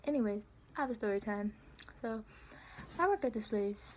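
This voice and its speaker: An eighteen-year-old woman casually telling a story on her vlog, chatty and animated as she acts out what was said. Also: mid-range voice, moderate pace, a little hiss or hum. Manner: chatty, animated retelling with quoted dialogue. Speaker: vlogger.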